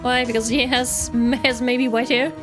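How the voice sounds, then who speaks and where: High-voiced giggly woman streamer. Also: steady tone, moderate pace, over music. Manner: giggly, chatty, self-correcting. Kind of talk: casual gameplay commentary.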